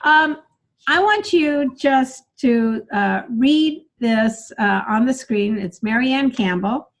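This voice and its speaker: Sex: woman. Role: speaking coach running a live online class. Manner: upbeat, encouraging, fairly high voice. Mic: video call. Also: expressive, slow pace. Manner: upbeat, encouraging, chatty with students by name. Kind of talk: live online workshop teaching.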